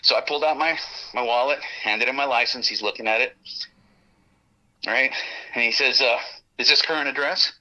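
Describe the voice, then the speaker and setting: A man telling a story as a guest, lively and profane, laughing often and acting out what the others said. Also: medium pitch, moderate pace, pauses often, lo-fi sound. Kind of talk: animated storytelling.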